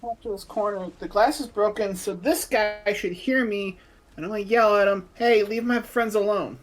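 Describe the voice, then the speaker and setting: A man playing a tabletop game, talking loudly and laughing now and then. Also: sits high, moderate pace. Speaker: player. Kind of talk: casual table talk.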